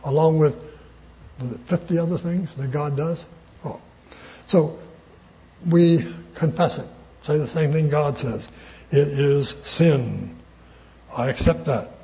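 Emphatic male preacher with a mellow voice. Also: fairly high pitch, slow pace, long pauses. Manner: emphatic, repeats key words, chuckles between points. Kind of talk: sermon.

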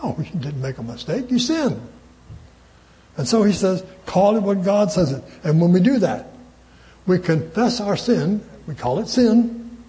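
A man delivers a sermon with emphatic conviction, hammering his key words through repetition. His voice sits somewhat high for a man yet sounds mellow and warm, and he lets out a chuckle between points. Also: big pitch swings, unhurried, pauses often. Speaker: preacher.

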